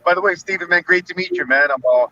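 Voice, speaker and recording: A man's voice: high voice, quick pace, bright, forceful tone, far from the mic, muffled recording. A man on a livestream, talking in a friendly way with many restarts while riding in a car as a passenger. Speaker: guest YouTuber on livestream. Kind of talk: casual livestream chat.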